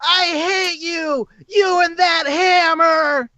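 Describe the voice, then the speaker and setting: A game master voicing a wailing, angry child ghost who shrieks and yells near tears. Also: steady tone, very slow, dry recording, muffled recording, exaggerated voice. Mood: furious wailing. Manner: shrill furious yelling, near crying.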